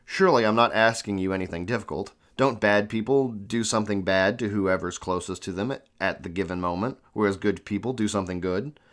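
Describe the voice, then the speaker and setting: A man's voice: on the low side, brisk, few pauses, a bit bright. A man reading a classic philosophical dialogue aloud, with an earnest, questioning delivery and the odd restart. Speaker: reader of classic texts.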